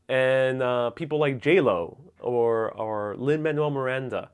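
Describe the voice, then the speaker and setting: A young man with a Nuyorican accent from Queens, answering viewer questions in a relaxed, rambling way with plenty of fillers. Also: medium pitch, unhurried, few pauses, clear, resonant tone. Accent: New York Puerto Rican, Queens. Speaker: host. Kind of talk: casual livestream Q&A.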